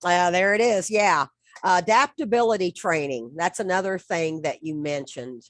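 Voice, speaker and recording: A middle-aged woman hosting a podcast interview, upbeat and quick to laugh. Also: lowish voice, dry recording, clean studio sound. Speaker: podcast host. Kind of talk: conversational interview.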